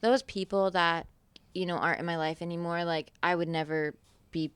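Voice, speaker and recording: A woman's voice: lowish voice, fairly even intonation, normal speed, fairly bright tone, clean tone, no echo. A woman co-hosting a podcast in casual chat, candid and swearing easily. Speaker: podcast co-host.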